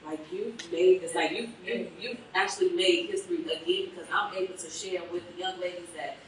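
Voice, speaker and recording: A woman's voice: fairly low pitch, fairly quick, a little hiss or hum. A woman from the West Side of Chicago giving an emotional, laughing thank-you speech at a book reception. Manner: emotional and laughing, quotes herself often. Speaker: guest speaker. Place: event hall at a book reception. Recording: echoey hall, mic from a distance, faint ambience.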